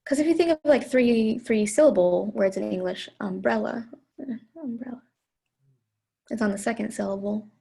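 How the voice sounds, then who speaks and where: A woman's voice: on the high side, fairly quick, creaky, few pauses, warm tone, slightly rough. A young woman, a student presenter, answering questions about her research with many fillers and self-corrections. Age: young adult.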